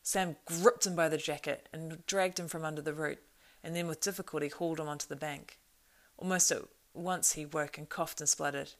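A woman narrating a storybook in a measured, expressive reading. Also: deep voice. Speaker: audiobook narrator.

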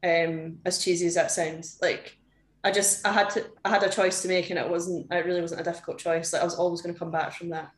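A woman's voice: on the low side, level tone, a little fast. Chatty young woman, echoey room. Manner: chatty and candid, many "like" fillers. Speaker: podcast guest, competitive powerlifter. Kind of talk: casual interview chat.

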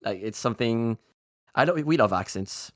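A man's voice: medium pitch, lively intonation, moderate pace, no echo, clean studio sound. A man from Europe chatting casually on a podcast, hesitant, with many fillers and restarts. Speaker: podcast co-host. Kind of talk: casual chat.

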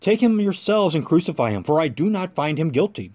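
Man reader doing an uneasy Roman governor in a scripture reading, slightly high, earnest. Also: big pitch swings, a little mellow. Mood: insistent. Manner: earnest, measured reading of quoted lines.

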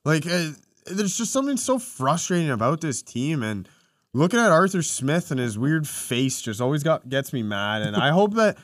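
A man on a sports podcast gives strong opinions in casual, ranting chat. His pitch moves widely as he talks, and the close, dry mic picks up no room sound. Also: normal speed, dry recording. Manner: lively, opinionated, frustrated rants. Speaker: podcast co-host.

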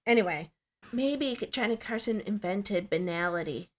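A woman's voice: medium pitch, expressive, normal speed. A woman hosting a podcast in casual chat, talking in a chatty, rambling way with many "like" fillers. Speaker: podcast host.

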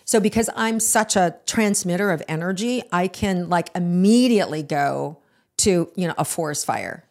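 Animated woman telling a story. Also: fairly low pitch, normal speed. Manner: animated, acts out the dialogue in her story; swears freely. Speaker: podcast co-host. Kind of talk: casual storytelling chat.

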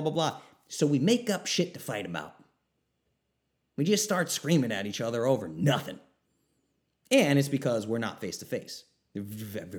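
Podcast host, man, unscripted monologue, emphatic and repetitive, mid-pitched voice. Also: a little mellow. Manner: emphatic, repeats himself for stress.

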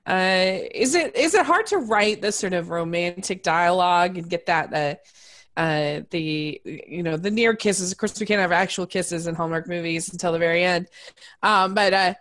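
Lower-voiced woman hosting a podcast. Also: moderate pace, fairly bright tone. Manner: hesitant, many "uh"s, asks questions. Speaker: podcast host. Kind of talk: casual podcast chat.

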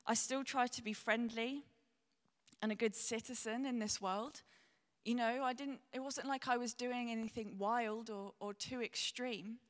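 A woman's voice: a little high, fairly even intonation, unhurried. A young woman preaching a sermon, earnest and candid, tearful as she speaks. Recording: long hall reverb.

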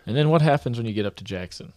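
A man's voice: medium pitch, animated, rapid-fire, a little mellow, no room sound. A man hosting a casual chat, prompting with easygoing questions and laughing often. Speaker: podcast host asking questions.

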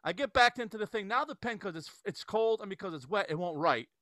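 A man talks quickly in a bright, fairly high voice, rambling through an anecdote with lots of restarts. The sound is dry and close, with no room around it. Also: no room sound. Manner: rambling, animated storyteller with many restarts. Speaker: podcast host. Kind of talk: casual storytelling chat.

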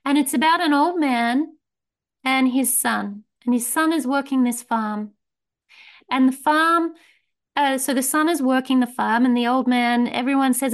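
High-voiced woman leading a meeting. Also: measured pace. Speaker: meeting leader. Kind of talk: informal recovery-meeting talk and storytelling.

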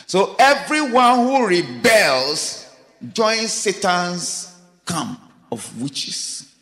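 A man preaching a sermon, emphatic, asking the congregation rhetorical questions and swinging between raised lines and low quiet asides. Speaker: pastor. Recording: long hall reverb.

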